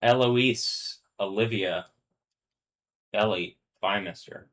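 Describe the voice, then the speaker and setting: A man's voice: takes it slowly, low-quality recording. Man ranting angrily on a live stream. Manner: angry, profane ranting; swings from low muttering to loud, high-pitched yelling. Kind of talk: rambling solo live-stream monologue.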